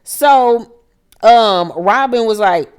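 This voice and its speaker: A woman's voice: a little high, drawn-out words, clean tone. A woman hosting a casual recap of a reality TV episode, blunt and profane, with dramatic asides and frequent laughter. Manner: laughs often while retelling scenes.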